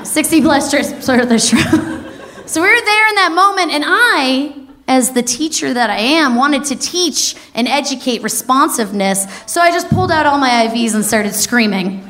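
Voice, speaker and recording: A woman in her thirties telling a wild personal story on stage, lively and laughing as she goes. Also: on the high side, a little hiss or hum. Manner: lively, animated, breaks into laughter. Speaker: comedic storyteller. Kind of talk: stand-up storytelling.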